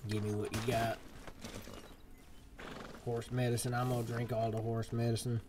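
A man streaming a western game live, chatting casually and swapping swear words for softer ones. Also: mid-range voice, flat delivery, normal speed, background noise. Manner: chatty, swaps swears for "fudge". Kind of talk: live gameplay commentary. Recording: game music behind the voice.

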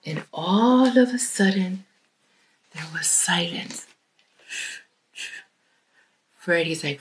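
A woman's voice: on the low side, animated, slow pace, a little hiss or hum. A woman telling a children's story in a church, speaking expressively and dropping to a whisper for suspense.

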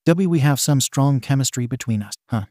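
A man's voice: mid-range voice, animated, fairly quick, dark tone, no echo, studio quality, natural voice. A man reading a stammering shy teenage boy. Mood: flustered. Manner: stammering, nervous.

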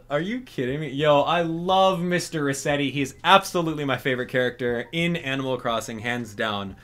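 A man giving casual, jokey gameplay commentary in an excitable way. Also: mid-range voice, a little fast, few pauses, soft background music. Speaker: gaming YouTuber.

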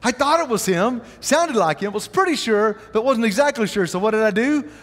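A pastor preaches a sermon in a church sanctuary, his very high voice moving a little fast through a large hall. He tells a story with animation and asks the congregation questions.

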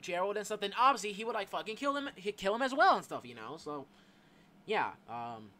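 A man's voice: sits high, very animated, a little fast, sharp tone. Rambling, swearing young gamer guy. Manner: swears a lot, rambling with many fillers; reads game dialogue aloud in put-on voices. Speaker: gameplay YouTuber. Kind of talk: Let's Play commentary with voiced dialogue.

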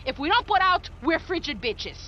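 Game role: a shrill, piercing hot-tempered gang woman, scornful. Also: very animated, normal speed, muffled recording, exaggerated voice. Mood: scornful lecturing. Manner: fiery, scornful, shouting insults. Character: hot-tempered young female gang partner. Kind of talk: video game voice acting.

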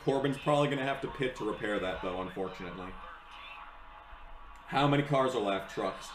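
A young man giving live reaction commentary to a race, excitable and swearing, yelling at the screen. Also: lowish voice, fairly quick, pauses often, roomy sound, noisy background.

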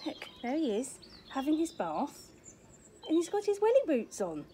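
A woman's voice: sits high, huge pitch swings, normal speed, mellow, slight background noise. An older woman reading a picture book aloud to children outdoors in a garden, chatty and sing-song, often asking the listener questions. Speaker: storyteller, grandmother persona. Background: faint birdsong.

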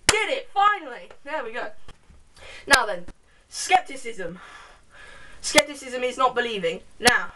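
A young woman chats to her camera in a giggly, rambling way, often making fun of herself. Her voice sits fairly high. She is recorded from a distance, and clear background noise runs under her speech. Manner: chatty, giggly, rambling with self-mocking asides. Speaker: vlogger. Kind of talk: casual chat to camera.

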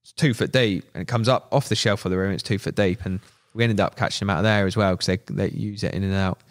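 Lively man telling a fishing story. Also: low-pitched, fast talker. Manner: animated, laughing, acts out quotes. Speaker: podcast guest. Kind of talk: casual storytelling.

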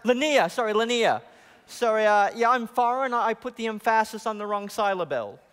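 An Australian man giving an academic lecture as a guest speaker, genial and explanatory, with joking asides and quick restarts. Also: high voice, fairly bright tone, clean tone. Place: chapel. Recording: long reverb of a chapel.

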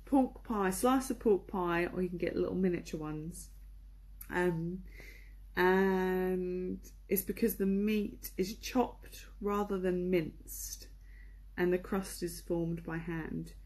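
A woman's voice: on the low side, steady tone, slow, a little mellow. A young woman giving a chatty culture lesson, with lots of ums and ahs. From England. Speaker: presenter. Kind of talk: casual lesson on English culture.

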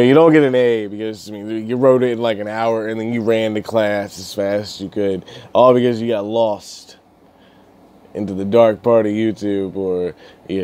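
A man's voice: lowish voice, warm tone. A young man telling rambling stories in a casual, swearing vlog rant, laughing as he goes. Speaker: gaming YouTuber.

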